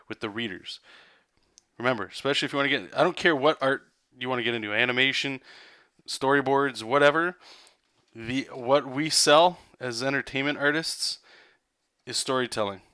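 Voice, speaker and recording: Casting: male comic artist, bright, dry voice, excitable and loose, rambling casual drawing lesson. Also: mid-range voice, clear, resonant tone, dry recording. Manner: loose, rambling, checks in with "right?" and "okay?".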